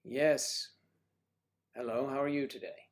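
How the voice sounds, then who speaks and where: A man's voice: mid-range voice, steady tone, slow. Chatty male livestream host. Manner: chatty, teasing, calls viewers honey and sweetie. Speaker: livestream host reading chat. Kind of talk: casual livestream chat.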